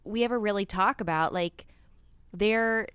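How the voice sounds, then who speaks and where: A woman's voice: medium pitch, unhurried, a bit bright, clear, resonant tone, dry recording. A woman co-hosting a podcast, talking in a thoughtful, searching way. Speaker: podcast co-host. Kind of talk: casual reflective chat.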